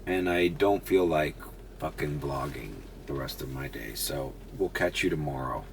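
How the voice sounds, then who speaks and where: A man with a very low voice talks casually to his camera, half muttering and swearing in passing. There is faint background noise behind him. He sounds like he is ending his day. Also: normal speed. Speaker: rideshare driver vlogger. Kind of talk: casual vlog chat to camera.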